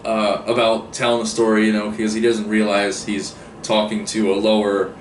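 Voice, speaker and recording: A man's voice: fairly low pitch, completely flat delivery, normal speed. Rambling man reviewing a book, echoey. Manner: rambling, many fillers and restarts. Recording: roomy echo, distant mic, faint hiss.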